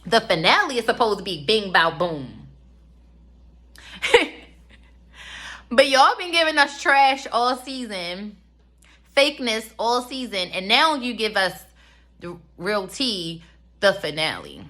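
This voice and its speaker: Woman, 30s, casual show reviewer; bright, chatty, rambling delivery. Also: mid-range voice, sing-song, slow pace, pauses often. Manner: chatty, rambling with many fillers. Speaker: reality TV reviewer. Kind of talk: casual commentary.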